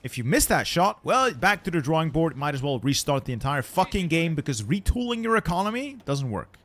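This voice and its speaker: A man's voice: fairly high pitch, sing-song, brisk, a bit bright. A man commentating his strategy game play, exasperated and swearing as he rants about losing. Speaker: gaming channel host.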